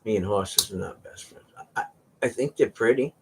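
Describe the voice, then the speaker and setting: The host's voice is husky and fairly low, his pace moderate. In a relaxed chat he rambles on about his cats, occasionally imitating their meowing.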